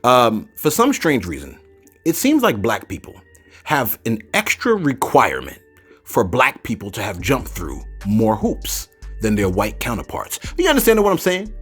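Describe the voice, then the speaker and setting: A man's voice: medium pitch, wildly swooping pitch, normal speed, a bit bright, breathy edge, faint music behind. A man hosting a commentary video, talking loosely, repeating words and tagging lines with "man". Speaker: commentary channel host. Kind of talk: casual spoken commentary.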